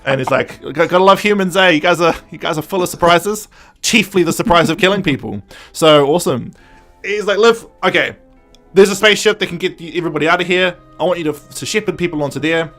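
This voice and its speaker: Animated man recapping a story. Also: fairly high pitch, soft background music. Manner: animated, acts out characters in quick asides. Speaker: podcast co-host. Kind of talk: casual podcast recap chat.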